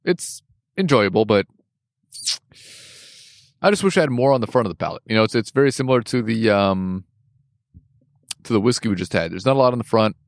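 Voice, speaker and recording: A man's voice: fairly low pitch, a little fast, pauses often, no echo. Laid-back man rambling in a dry room. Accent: American. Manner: relaxed, rambling, laughs often. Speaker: podcast co-host. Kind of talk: casual beer-tasting chat.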